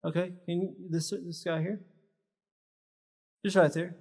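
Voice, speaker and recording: A man's voice: sits high, level tone, unhurried, darkish tone. Emphatic man teaching in a reverberant hall. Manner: emphatic, teaching with short punchy phrases. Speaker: speaker at a health symposium. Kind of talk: live workshop talk. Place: large church hall. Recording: long reverb of a large hall.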